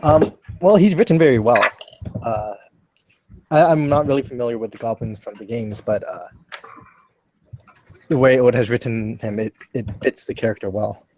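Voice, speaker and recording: A young man in a casual group chat on a call, hesitant, with lots of fillers and pauses. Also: medium pitch, darkish tone, a little hiss or hum, poor audio.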